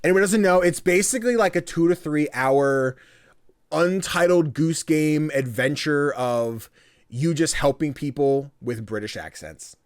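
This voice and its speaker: Animated podcast host man, dry sound. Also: a little high, unhurried, no echo. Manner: animated, laughing, acts out voices while retelling. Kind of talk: casual podcast chat.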